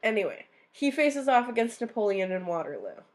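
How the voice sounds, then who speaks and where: A young woman co-hosting a podcast, telling history in a casual, animated way, swearing freely. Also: fairly high pitch, a little fast. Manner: animated storyteller who swears and acts out quotes. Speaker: podcast co-host.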